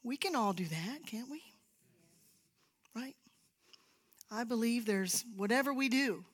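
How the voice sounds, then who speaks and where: A woman's voice: fairly high pitch, animated, a little slow, pauses often. A woman giving a sermon-style talk in church, telling stories and sometimes dropping to a whisper for emphasis. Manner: storytelling, drops to a whisper for emphasis. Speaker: church speaker. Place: church sanctuary.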